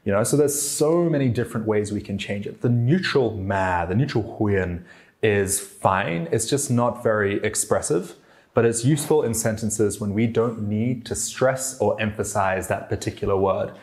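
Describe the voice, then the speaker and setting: A man with a low voice talks through a language lesson, explaining how tones carry emotion. He breaks off now and then to demonstrate the sounds himself, in a clear explanatory way. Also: moderate pace, a little mellow. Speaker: language teacher.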